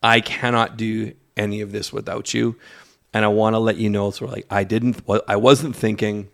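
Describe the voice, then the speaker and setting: Gravelly low-voiced man telling a story. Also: moderate pace. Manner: lively storyteller, acts out quotes. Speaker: podcast co-host. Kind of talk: casual chat. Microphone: studio mic in an office.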